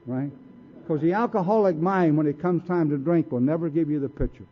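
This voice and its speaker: A man's voice: on the high side, brisk, few pauses. An older man speaking at a recovery meeting, telling his own story in a blunt, folksy way. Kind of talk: personal recovery testimony. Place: meeting room. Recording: tinny lo-fi tape recording.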